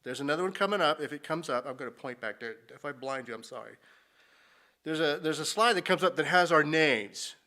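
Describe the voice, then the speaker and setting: A man's voice: a little high, expressive, brisk, bright, forceful tone. A middle-aged man, a missionary speaking to a church, telling jokes and rambling happily in a conversational way. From northern United States. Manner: joking, rambling, self-deprecating.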